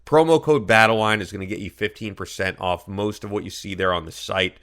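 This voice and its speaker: A podcast host reading sponsor ads with an upbeat, emphatic delivery. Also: male voice, lowish voice, brisk, fairly bright tone. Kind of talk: ad read.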